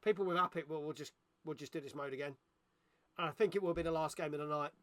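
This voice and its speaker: Man, high and bright, joking stream host who reads chat aloud. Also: fast, no echo. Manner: joking, chatty, reads viewer messages aloud. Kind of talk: casual live-stream chat.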